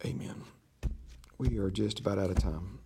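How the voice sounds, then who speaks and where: A man's voice: sits low, normal speed, gravelly, warm tone, a little hiss or hum. Older guy teaching bible class, chatty storyteller, does little voices for people in his stories. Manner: conversational, storytelling, acts out quoted voices.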